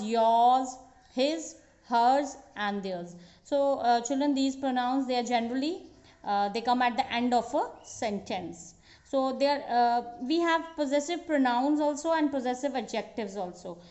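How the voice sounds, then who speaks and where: A woman teaching a recorded school grammar lesson, slow and patient, with frequent fillers and restarts. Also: high voice, a little mellow. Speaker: English teacher. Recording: dull echoey room recording.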